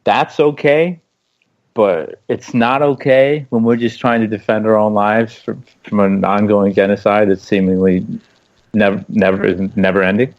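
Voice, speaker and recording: A low-voiced man co-hosts a casual talk show and argues his point with passion, circling back and repeating words to hammer it home. The audio is dull and lo-fi, like a home podcast stream. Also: steady tone, a little slow, darkish tone. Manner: impassioned, argumentative, repeats phrases for emphasis. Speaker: co-host. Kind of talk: casual political discussion.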